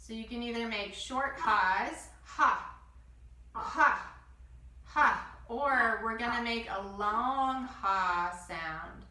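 A woman guiding a children's yoga class, giving gentle step-by-step instructions and demonstrating breath sounds. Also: a little high, takes it slowly, few pauses, reverberant, distant mic, low-quality recording. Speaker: kids yoga teacher.

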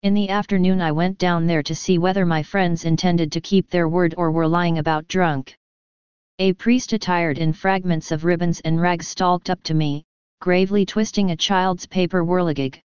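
A woman reading an audiobook in steady, measured scripted narration. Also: on the low side, smooth, no echo. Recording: dull, dry, lo-fi audio.

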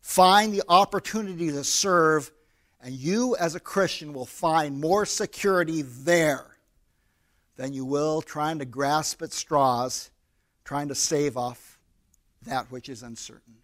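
An American pastor preaches a sermon in a voice high for a man, with a fairly bright tone. His delivery is easy, conversational, plain and personal, and he slips into quick quoted voices to act out little scenes.

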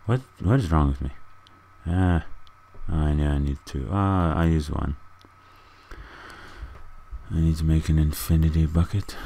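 A man's voice: a bass voice, steady tone, measured pace, pauses often, mellow. A man giving goofy, rambling commentary while playing a video game, chatting to the animals in it. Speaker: gaming video creator. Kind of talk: casual gameplay commentary.

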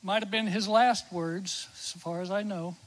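A middle-aged man preaching in a church, his voice pitched high for a man. He tells a personal story from the pulpit and sinks to near-whispers when he recalls quiet moments at a bedside. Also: steady tone, a little slow, low-quality recording. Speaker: chaplain and preacher. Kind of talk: sermon storytelling. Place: church sanctuary.

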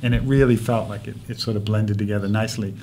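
A man, a film director, telling stories in a casual interview, lively and laughing as he recounts. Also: fairly low pitch, quick pace, a little hiss or hum. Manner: animated storyteller, laughs while recounting.

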